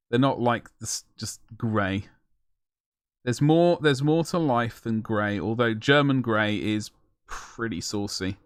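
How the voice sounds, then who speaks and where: A young man paints miniatures on a live stream, chatting and joking as he rambles and pokes fun at himself. His voice is mid-range and slightly bright, captured dry with clean studio sound.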